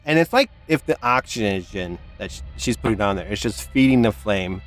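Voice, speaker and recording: Low-voiced man narrating as dungeon master. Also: lively intonation, soft background music. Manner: halting narration with restarts and fillers. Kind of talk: narrating a tabletop game.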